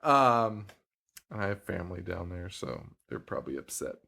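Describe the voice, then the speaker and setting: A man's voice: low voice, very animated, moderate pace, gravelly, pushed and bright. A young man co-hosting a casual podcast, swearing freely, laughing often and slipping into goofy impressions. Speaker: podcast co-host.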